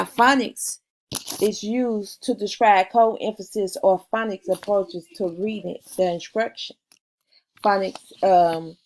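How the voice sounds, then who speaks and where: A woman's voice: mid-range voice, a little mellow, poor audio. Woman reading out a class presentation. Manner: reads from notes with pauses, fillers and self-corrections.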